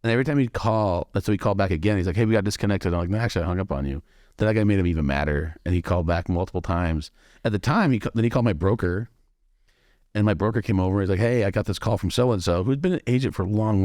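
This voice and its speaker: A man hosting a casual interview, joking and telling stories in an animated way. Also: deep voice, dry recording, clean studio sound. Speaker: podcast host.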